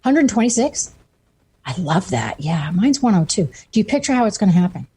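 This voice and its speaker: A woman's voice: medium pitch, big pitch swings, fairly quick, warm tone. A woman hosting a radio talk show and coaching, who talks with enthusiasm and keeps affirming her guest. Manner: enthusiastic, frequent affirming interjections.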